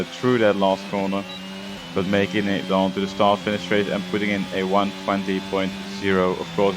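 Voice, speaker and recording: A man's voice: on the low side, background noise. A man hosting a racing game video, talking through his gameplay casually with frequent hesitations. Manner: hesitant, full of "uh" and "um" fillers. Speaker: gaming video host.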